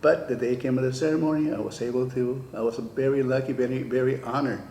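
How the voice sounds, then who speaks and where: Older man, retired teacher type, gravelly mellow voice, storyteller who plays out quoted lines, echoey room. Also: mid-range voice, fairly even intonation, fast talker, a little hiss or hum. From California. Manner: storytelling, acts out quoted dialogue. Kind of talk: oral history interview.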